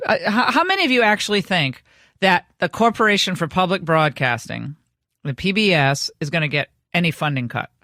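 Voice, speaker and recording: A woman's voice: lowish voice, lively intonation, a little fast, pushed and bright, dry recording, studio quality. A middle-aged woman hosting a radio talk show, telling a story in a chatty way with many restarts. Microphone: studio microphone.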